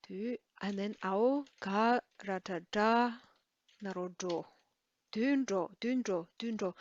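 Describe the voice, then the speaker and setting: A woman teaching a Tibetan lesson, halting and correcting herself as she spells words out syllable by syllable. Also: mid-range voice, dry recording, lo-fi sound. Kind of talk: relaxed online language lesson.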